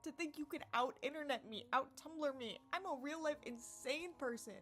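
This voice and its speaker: A woman with a voice pitched a bit high delivers a sarcastic, profane rant straight to camera. She lurches between loud, theatrical outbursts and low, muttered asides. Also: normal speed, faint music behind. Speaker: vlogger. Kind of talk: ranting monologue to camera.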